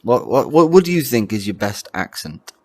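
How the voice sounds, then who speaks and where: A man's voice: medium pitch, big pitch swings, normal speed, dry recording. A Welsh-born man co-hosting a casual podcast chat, laughing often and restarting his sentences. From Wales. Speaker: podcast co-host.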